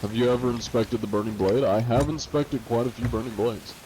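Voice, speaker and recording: A man's voice: mid-range voice, fairly even intonation, fairly quick, mellow, a little hiss or hum, rough recording. A male streamer in casual live-stream chat, reading and answering viewers' messages offhandedly, with some swearing.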